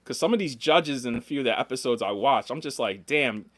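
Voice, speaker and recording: Talking fast at medium pitch, a man co-hosts a casual podcast, telling stories full of swearing and performing the people he quotes with animation. The recording has no room sound.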